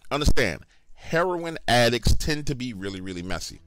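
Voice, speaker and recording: A man's voice: mid-range voice, very animated, moderate pace, a bit bright. A man telling a first-person horror story in a casual, conversational way, talking straight to the listeners.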